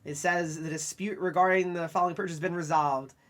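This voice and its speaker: A young man co-hosting a casual podcast, chatty and quick, often laughing. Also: on the high side, fairly even intonation, fairly bright tone. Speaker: podcast co-host.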